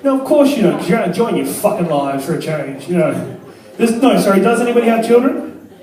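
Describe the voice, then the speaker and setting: A man's voice: sits high, big pitch swings, quick pace, a little mellow. A young man performing a crude, self-deprecating stand-up comedy set in a club. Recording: echoey club from far off. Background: laughing crowd.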